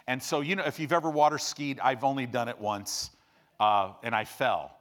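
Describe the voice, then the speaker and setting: A man preaching a sermon, telling stories animatedly, with sudden loud bursts and quiet asides. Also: normal speed. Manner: animated storyteller, swings between loud bursts and low hushed asides. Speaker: pastor. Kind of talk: sermon storytelling.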